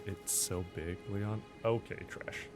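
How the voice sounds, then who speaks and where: A man's voice: on the low side, steady tone, slow, music in the background. A man streaming a video game, chatting casually, answering viewer chat and counting out workout reps between fights. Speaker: gaming streamer. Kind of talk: casual livestream chat while gaming.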